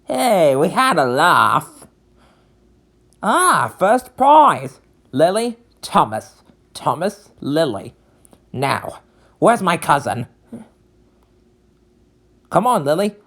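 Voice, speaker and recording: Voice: medium pitch, big pitch swings, extremely slow, pauses often, fairly bright tone, exaggerated voice. A performer voicing a carefree, beach-loving young male conductor in a fan redub, with a laid-back, slangy delivery.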